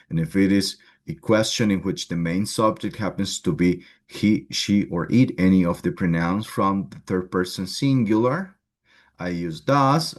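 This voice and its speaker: A man with a Spanish accent teaching an English grammar class, explaining step by step and often checking in with "right?". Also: low voice. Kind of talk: online class lecture.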